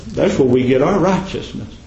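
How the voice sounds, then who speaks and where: A man preaching a sermon as a pastor, repeating his points and dropping to a low, hushed voice for emphasis. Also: expressive, normal speed. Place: church. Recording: echoey, dull church recording.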